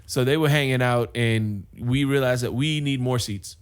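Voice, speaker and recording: A podcast co-host chats casually, his clean male voice at a medium pitch and a normal speed. He's an animated storyteller who laughs often and acts out the quotes in his stories.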